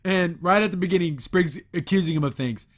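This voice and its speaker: Guy on a podcast recapping an episode, slightly high voice, laughs a lot, does the characters' lines. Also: a little fast, fairly bright tone. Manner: retells scenes, quoting characters, with frequent laughs. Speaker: podcast host. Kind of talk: casual episode review.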